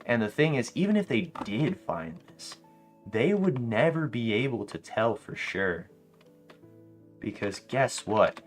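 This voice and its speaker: A young man streaming a game late at night, chatting casually to his viewers and telling animated, slangy stories. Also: mid-range voice, measured pace, soft background music. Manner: animated storytelling, slangy, laughs often. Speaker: live streamer. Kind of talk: casual livestream chat while gaming.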